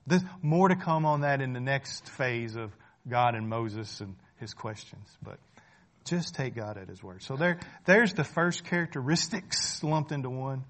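A man's voice: medium pitch, a little slow, fairly bright tone. A man preaching a sermon in a conversational way, asking rhetorical questions, checking in with the listeners and repeating phrases for emphasis.

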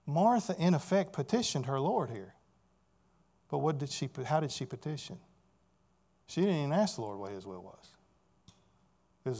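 Male pastor, sermon delivery, high voice with wide swings, peppers listeners with questions. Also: very animated, moderate pace, long pauses, mellow. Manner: preaching, keeps asking listeners rhetorical questions.

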